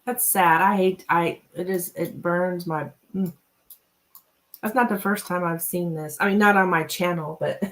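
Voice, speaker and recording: A woman's voice: fairly low pitch, rough recording. Chatty woman hosting a live tarot stream. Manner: chatty, laughs often, reads viewer names aloud. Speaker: tarot reader and livestream host. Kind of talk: casual live-stream chat with viewers.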